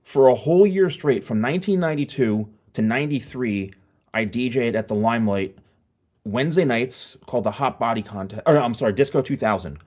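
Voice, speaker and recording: A middle-aged man from New Jersey hosts a casual podcast chat. He tells long stories with energy and acts out the lines of the people in them. His voice sits at an ordinary middle pitch. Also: brisk. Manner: animated storyteller who acts out voices in his anecdotes. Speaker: podcast host.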